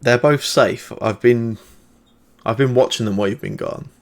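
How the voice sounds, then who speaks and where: A man voicing a watchful woman ally who speaks in a measured, quietly reproachful way. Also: mid-range voice, creaky, natural voice.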